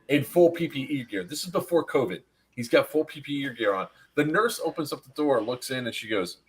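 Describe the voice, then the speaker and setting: Animated man telling a story. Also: mid-range voice, brisk. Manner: animated, laughing, acts out voices in anecdotes. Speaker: podcast host. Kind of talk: casual storytelling on a live stream.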